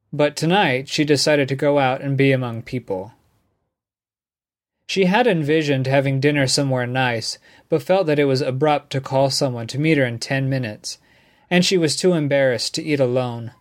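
A man with a medium-pitched voice narrates a novel as an audiobook reader, his scripted storytelling measured and even.

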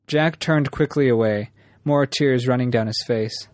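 A man narrating a story in an even, measured reading. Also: medium pitch, no echo, studio quality. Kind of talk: audiobook narration.

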